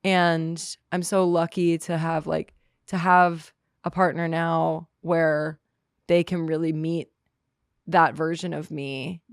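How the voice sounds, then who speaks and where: Slow, reflective woman guest, smooth voice. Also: low voice, flat delivery, no room sound, clean studio sound. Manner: reflective, halting, heavy use of "like". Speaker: podcast guest, musician. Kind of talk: candid conversational interview.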